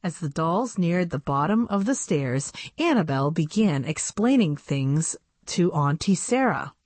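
A woman narrating a children's storybook in an expressive reading voice. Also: low voice, measured pace, dry recording. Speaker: audiobook narrator.

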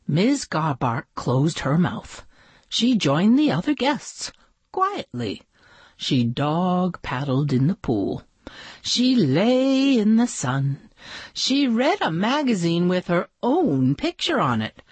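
A woman narrating a children's picture book aloud with gentle, expressive storytelling. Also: fairly low pitch, slow pace, slightly rough, no room sound.

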